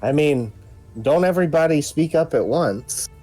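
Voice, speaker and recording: A playful player in a tabletop game who laughs easily. The pitch sits mid-range but moves in a lively way. Faint music plays underneath. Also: moderate pace, poor audio.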